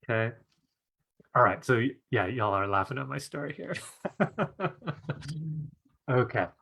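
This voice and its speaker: A man's voice: medium pitch, animated, measured pace, gravelly, a bit bright, slight background noise. A man teaching a live online class in a chatty way, often asking "right?" and laughing as he tells a story. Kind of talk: casual live-stream teaching with a told anecdote.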